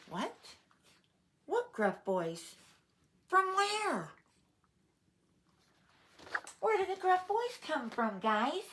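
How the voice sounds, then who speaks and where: Slow, playful storytime reader, a woman. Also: very high voice, very animated, fairly bright tone, a little hiss or hum. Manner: asks listeners questions, playful asides. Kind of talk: read-aloud storytime for children.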